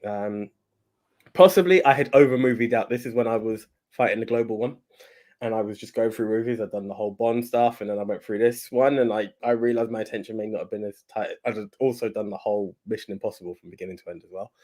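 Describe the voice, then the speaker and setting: A man's voice: on the low side, fairly even intonation, fast, a little mellow. A man co-hosting a movie podcast in casual chat, hesitant and often repeating words. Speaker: podcast co-host.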